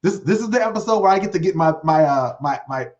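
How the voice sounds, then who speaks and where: High-voiced man rambling excitedly. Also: fast talker, highs cut off. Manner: rambling and excited, many fillers and restarts. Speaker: host. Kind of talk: solo livestream talk show. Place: home desk setup with green screen.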